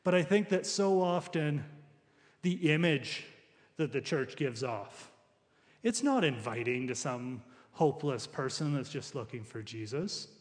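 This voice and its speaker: A man's voice: medium pitch, expressive, measured pace, big-room sound. A man preaching a sermon as a pastor, talking through the passage in a conversational way with frequent restarts.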